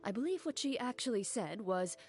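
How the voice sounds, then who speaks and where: A calm, composed young woman. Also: fairly high pitch, soft background music. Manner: calm and measured. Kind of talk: game voice acting.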